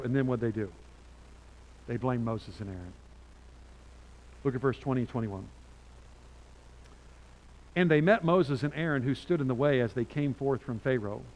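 An older man preaching a sermon to his church, animated and rising to loud peaks as he reads scripture aloud. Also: mid-range voice. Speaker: pastor. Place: church sanctuary. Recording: church hall with long reverb.

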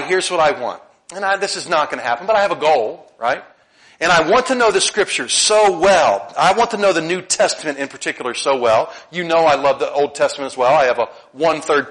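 A middle-aged male pastor preaching a conversational sermon, often repeating words and rising into animated bursts. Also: on the high side, low-quality recording.

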